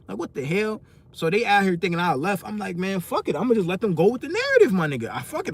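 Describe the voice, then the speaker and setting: Young man, storytime vlogger, animated slangy delivery, slightly high voice. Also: fast. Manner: animated, slangy, pitch jumps when exasperated. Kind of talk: casual storytelling.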